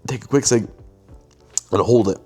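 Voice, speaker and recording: A young man hosting a casual show, telling a story with animated delivery and acting out what people said. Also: on the low side, normal speed, slightly rough, faint music behind. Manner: animated, acts out quoted lines. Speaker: host, filmmaker.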